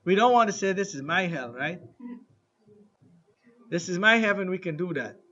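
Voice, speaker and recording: A man teaching an Arabic lesson to a class, drilling phrases slowly and having students repeat. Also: sits high, expressive, a bit bright, highs cut off. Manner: slow, deliberate drilling with repetition to the class. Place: mosque classroom.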